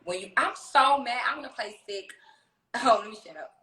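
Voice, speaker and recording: A woman rapper chatting on a livestream, telling stories in a brash, profane, animated way. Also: on the high side, moderate pace, reverberant, rough recording. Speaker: rapper on tour, guest on a livestream. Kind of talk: casual livestream chat. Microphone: phone.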